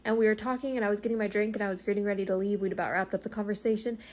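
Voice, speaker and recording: A woman telling a funny personal story in a chatty, self-mocking way, with quick asides. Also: medium pitch, fairly even intonation, darkish tone. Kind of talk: comedic storytime monologue.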